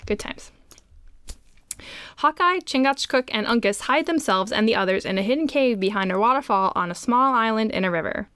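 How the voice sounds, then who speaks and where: A woman's voice: a little high, lively intonation, normal speed, fairly bright tone, smooth, no echo. A woman co-hosting a podcast, summarizing a novel's plot with dry asides in casual chat. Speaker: podcast co-host. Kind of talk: casual book discussion.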